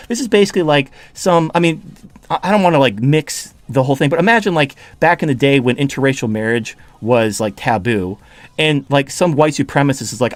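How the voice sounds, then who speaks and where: A man's voice: on the high side, expressive, fast talker, no room sound. A man hosting a podcast, ranting in a heated, profane, mocking way. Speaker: podcast host.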